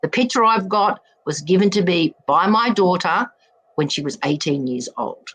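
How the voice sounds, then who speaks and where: A woman's voice: on the low side, animated, moderate pace, a bit bright, slightly rough. A woman in her seventies from Australia, an interview guest giving an emphatic, emotional personal testimony, repeating words for force. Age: 70s.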